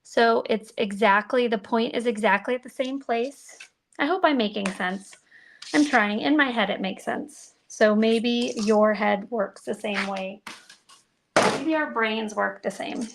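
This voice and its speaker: A woman with a slightly high voice and a gravelly fry runs a live card-making demo. She chats to her viewers as she works and pokes fun at her own methods. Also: a little slow, a little hiss or hum. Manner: chatty, self-deprecating, talks to viewers while working.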